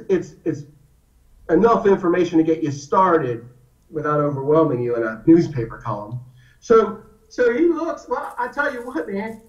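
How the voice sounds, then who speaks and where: A man telling stories in a casual conversation, acting out the voices of the people he quotes. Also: high-pitched. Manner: animated storyteller, acts out quotes. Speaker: guest. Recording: echoey, distant, dull lo-fi sound.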